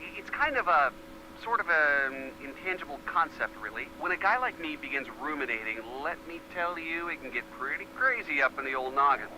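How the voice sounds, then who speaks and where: An actor playing an earnest, rambling young boyfriend in a game, speaking sincerely on a phone call. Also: male voice, a little high, lively intonation, fairly quick, noisy background, natural voice. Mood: earnest, tender. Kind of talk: voiced game dialogue.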